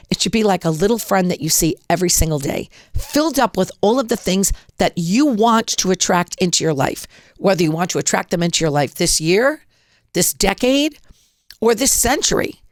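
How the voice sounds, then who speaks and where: A woman's voice: mid-range voice, no echo, studio quality. A woman podcast host giving an upbeat, motivational how-to talk, acting out examples as she explains. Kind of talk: casual instructional talk.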